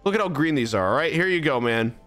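High, lively young male streamer. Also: quick pace, soft background music. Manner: rambling, exasperated, self-mocking. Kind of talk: casual gameplay commentary.

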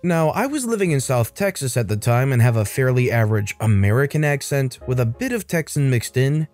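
A man's voice: medium pitch, a little mellow. Man narrating Reddit stories. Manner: reads stories aloud with brief commentary. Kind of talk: scripted Reddit story narration. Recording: faint music behind.

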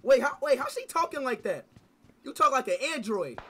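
Rich: A male streamer with a very high, bright voice swings his pitch wildly while shouting over a mobile game. His talk is loud, hyped and full of fast repeated words, with faint noise underneath. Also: sing-song. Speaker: live streamer. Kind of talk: excited gaming livestream chatter.

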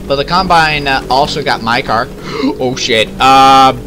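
A man's voice: mid-range voice, unhurried, music in the background, poor audio. A man playing a co-op game over voice chat, teasing and joking with friends and cracking puns. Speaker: co-op gamer. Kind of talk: casual gaming chat over voice chat.

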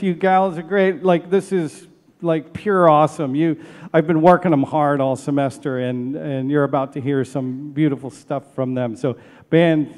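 A man's voice: on the high side, big-room sound. A man, director of a steel band, giving heartfelt thank-yous to a live concert audience from an outdoor stage. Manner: emotional, warm thanks, chokes up.

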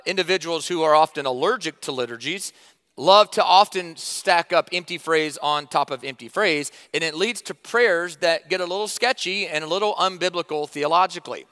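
A man preaching a sermon to his church, conversational and emphatic, with sudden loud stresses and quiet drops. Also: a little high, long reverb tail. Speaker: pastor.

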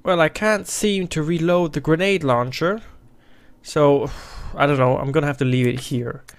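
A man giving profane, excitable let's play commentary as a gaming channel host, talking back to the characters. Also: on the high side, moderate pace, clear, resonant tone.

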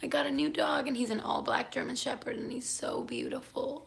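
A young woman chatting excitedly on a live stream, dropping into whispers now and then. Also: high-pitched, a little fast, gravelly, few pauses. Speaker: singer doing a live Q&A stream. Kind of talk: casual live-stream chat.

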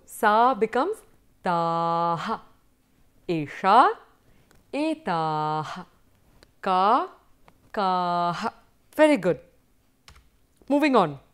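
A woman teaching a university lecture, drilling word forms and praising answers as she goes. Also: mid-range voice. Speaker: Sanskrit teacher.

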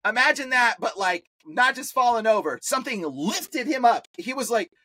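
A man talking as a podcast guest, spinning an animated tale in casual slang with many fillers. His voice sits high and sounds bright and forceful, recorded close and dry. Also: moderate pace, no echo. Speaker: exorcist guest. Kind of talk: storytelling in a podcast interview.

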